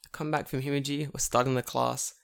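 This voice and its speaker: A man co-hosting a podcast, telling stories in a loose, animated way, swearing often and acting out the people he quotes. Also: mid-range voice, fast, gravelly, smooth. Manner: animated, swears a lot, acts out voices in his stories. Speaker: podcast co-host; English teacher in Japan. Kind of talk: casual storytelling chat.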